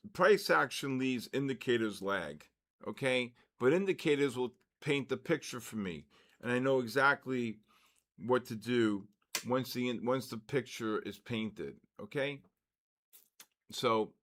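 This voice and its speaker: A man's voice: mid-range voice, a bit bright. A man in his sixties hosting a live trading session, chatting with viewers by name and explaining his method in a loose, conversational way. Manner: chatty, talks to chat viewers by name, repeats "okay" and "so basically"; plainly exasperated by rude comments, rising and complaining. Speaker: trading livestream host.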